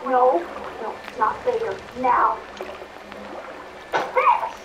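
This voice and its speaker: An actress voicing a frantic, panicked woman in a horror game, shouting in distress. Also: a little high, sing-song, drawn-out words, heavily acted. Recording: roomy game audio, distant, noisy.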